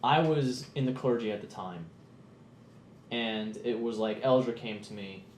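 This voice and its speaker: Bir adam, masa oyununda sohbet ediyor; dağınık ve şakacı, yankılı ve hafif uğultulu kayıt. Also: male voice, mid-range voice, unhurried, slight background noise. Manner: rambling, joking, many restarts. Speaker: player. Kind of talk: casual tabletop chat. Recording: roomy echo.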